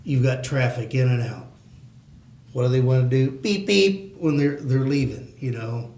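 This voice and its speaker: A man's voice: medium pitch, steady tone, normal speed, mellow. Plainspoken man at a neighborhood meeting, heated in bursts, echoey room. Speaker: resident at a community meeting. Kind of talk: community meeting discussion.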